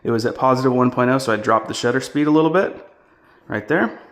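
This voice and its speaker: A man giving a relaxed, chatty on-location tutorial, talking through each step while he walks through a house. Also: medium pitch, fast. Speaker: real estate photography instructor. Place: indoors walking through a house.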